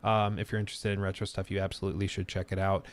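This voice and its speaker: A man's voice: low voice, level tone, racing. A man streaming live, talking casually and answering his chat, with frequent fillers and trailing asides.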